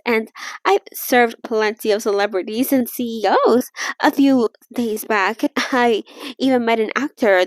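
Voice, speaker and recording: A young woman reads a novel aloud at a relaxed read-along pace, tripping over words and backing up to fix them. She stops now and then to make wry remarks about the story. Her voice sits a little high and sounds close and dry, with no room around it. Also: dry recording. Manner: stumbles and restarts, laughs and comments between passages. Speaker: reader reading a novel aloud. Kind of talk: casual read-along with asides.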